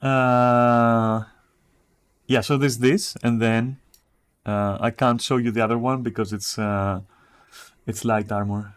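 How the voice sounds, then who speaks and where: A man's voice: mid-range voice, steady tone, takes it slowly, long pauses, clear, resonant tone. A man streaming live, reading chat messages aloud and reacting with profane, mocking commentary.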